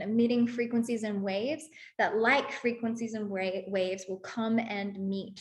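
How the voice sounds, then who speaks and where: A woman leading a guided spiritual workshop, talking in a gentle, affirming way with casual fillers. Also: a little high. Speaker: workshop facilitator.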